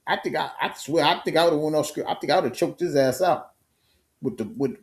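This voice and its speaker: Excitable man hosting a sports chat. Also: on the high side, a little fast. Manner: animated, slang-heavy retelling with swearing. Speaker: live stream host.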